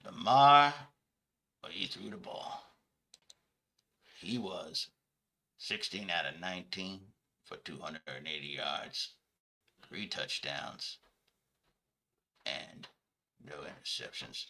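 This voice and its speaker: Low, quiet male sports columnist, mumbling and half-whispered. Man's impression. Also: slow pace, vocal fry, long pauses, full character voice. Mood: dry. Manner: murmured delivery, grades players, mm-hmm asides.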